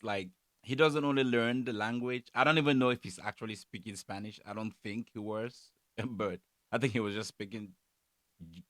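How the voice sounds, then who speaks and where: Low-voiced Cameroonian reactor. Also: male voice, no room sound, studio quality. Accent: Cameroonian English. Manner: relaxed, chatty, frequent fillers. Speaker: YouTube reactor. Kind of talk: casual reaction commentary.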